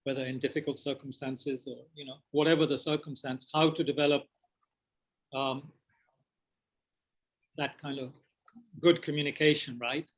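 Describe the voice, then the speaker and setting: A man's voice: medium pitch, flat delivery, normal speed, long pauses, lo-fi sound. A man leading a meditation class and taking questions, hesitant, with many fillers and restarts. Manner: speaking with mouth full of biscuits. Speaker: meditation teacher. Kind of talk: teaching a dharma class with questions. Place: meditation centre.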